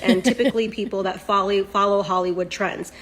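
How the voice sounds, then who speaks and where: A woman's voice: mid-range voice, steady tone, fairly quick, fairly bright tone. A woman giving blunt, emphatic opinion commentary in a lecturing tone. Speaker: political commentator.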